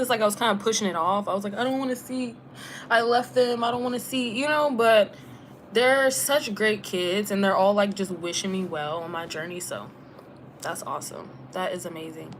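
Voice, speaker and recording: A young woman vlogger chatting casually on a live Q&A, relaxed and talkative, using lots of filler "like" and slang while she reads out viewer comments and letters. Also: medium pitch, moderate pace, a little hiss or hum. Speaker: travel vlogger and former teacher.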